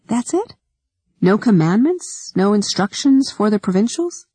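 Narrator's own voice for an inquisitive, emotional woman scientist in an audiobook; husky, dry close sound. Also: medium pitch, moderate pace, a little mellow, dry recording, lightly acted. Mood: earnest.

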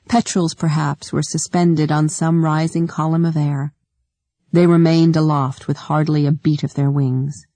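A woman narrating an audiobook in a measured, even reading. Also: deep voice, no room sound. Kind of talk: scripted narration.

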